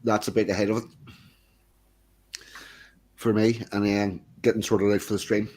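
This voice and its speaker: Relaxed low-voiced man chatting. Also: unhurried. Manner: relaxed, hesitant, many uhs. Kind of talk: casual chat.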